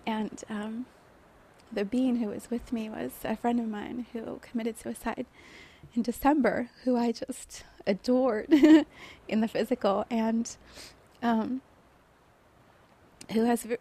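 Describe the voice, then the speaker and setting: A woman hosting a podcast, softly and emotionally telling a personal story about a guided meditation. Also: a little high, fairly even intonation, takes it slowly, breathy edge. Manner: soft, emotional, often laughing through tears. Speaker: podcast host.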